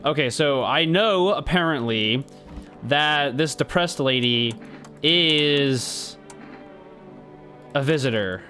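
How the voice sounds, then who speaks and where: A man commenting on a game he is playing, with loud, exasperated outbursts. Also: a little high, takes it slowly, pauses often, faint music behind. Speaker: gaming youtuber. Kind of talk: let's play commentary.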